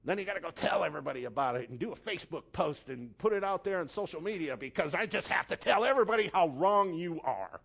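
A man preaching a sermon with animated delivery, acting out voices with sudden high squeals. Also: fairly quick, vocal fry, breathy edge. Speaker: pastor.

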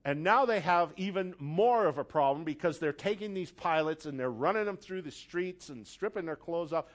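A man preaching a sermon, telling a story dramatically and building from quiet, hushed lines to loud, forceful appeals. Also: fairly high pitch, lively intonation, normal speed.

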